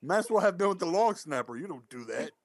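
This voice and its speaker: A man's voice: high-pitched, lively intonation, fast, no echo. A man in casual chat who rambles and interrupts himself while telling a story.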